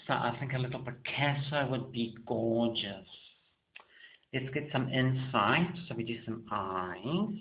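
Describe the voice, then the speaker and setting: A man from South Africa, an artist, talking to the camera in a theatrical, flamboyant way that swings between loud and soft. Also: medium pitch, slight background noise. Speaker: artist and muralist. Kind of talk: casual camera monologue. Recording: echoey room, dull lo-fi sound.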